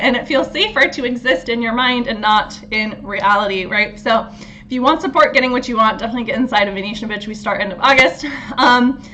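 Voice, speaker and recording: A woman hosting a casual astrology talk, animated, laughing often and swearing freely. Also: a little high. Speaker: astrology host.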